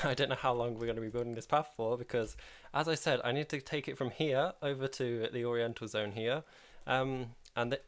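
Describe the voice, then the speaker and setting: A man's voice: medium pitch, a bit bright. A man hosting a casual game livestream, talking in a chatty, rambling way and laughing often while he plays. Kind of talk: casual live commentary while playing.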